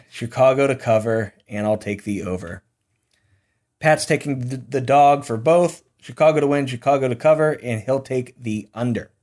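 A young male podcast host talks through his football picks at a middle pitch. His delivery is casual and opinionated, and he often laughs at his own jokes. He tends to drift into ranting. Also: a little mellow. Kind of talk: casual sports betting chat.

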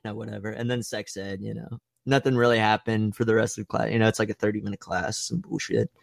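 A young man casually telling a profane, playful story and acting out other people's voices with big jumps in pitch. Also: flat delivery, quick pace, creaky, no room sound, clean studio sound.

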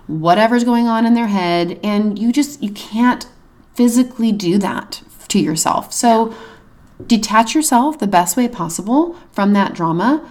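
A woman's voice: a little high, darkish tone. A woman co-hosting a casual advice conversation, chatty with lots of fillers, who acts out the things she would say to friends. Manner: chatty, frequent "like" and "you know" fillers. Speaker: podcast co-host.

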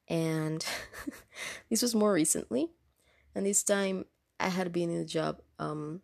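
Chatty woman with a gravelly voice. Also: on the low side, a little mellow. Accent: non-US accent. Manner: chatty, laughs often, many fillers and restarts. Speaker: insurance call agent telling work stories. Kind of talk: casual storytelling vlog.

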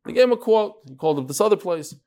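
A rabbi leads his Talmud class in an animated lecture, breaking off to tell stories. The man speaks in a somewhat high voice and talks straight to the students in front of him. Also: rapid-fire. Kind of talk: lively lecture with storytelling.

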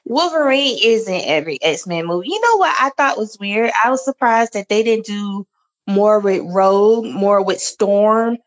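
A woman co-hosting a podcast in casual chat, reacting and asking quick questions. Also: mid-range voice, expressive, low-quality recording. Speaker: podcast co-host.

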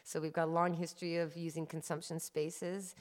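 A middle-aged woman with a notably low, deep voice speaks in a relaxed interview. She tells her story in an earnest, emphatic way, pressing her points with conviction. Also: fairly quick. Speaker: cannabis activist guest. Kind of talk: conversational interview.

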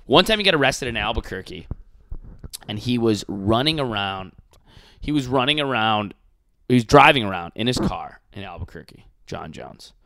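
A young man in casual podcast chat, telling stories in a profane, animated way. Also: on the low side, normal speed.

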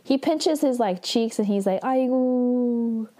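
Woman vlogger, chatty recap voice, mellow and a bit high. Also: expressive, normal speed. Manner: chatty, fills talk with "like", acts out characters' lines and squeals in delight.

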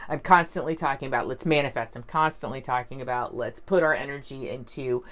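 A woman's voice: rumbling low, fairly quick, a bit bright. A woman talking casually to camera as a vlogger and life coach, in a rambling, upbeat way full of fillers and restarts. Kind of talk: casual vlog storytelling.

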